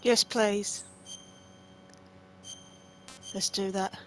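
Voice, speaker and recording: A woman hosting a let's play, chatting casually in an emotional, halting way. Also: mid-range voice, steady tone, a little hiss or hum. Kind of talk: casual game commentary.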